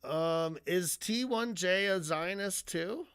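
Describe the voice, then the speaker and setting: A man's voice: sits high, takes it slowly, a bit bright, smooth, no echo, studio quality. A man giving casual reaction commentary as a streamer, rambling, cutting himself off mid-sentence and swearing freely.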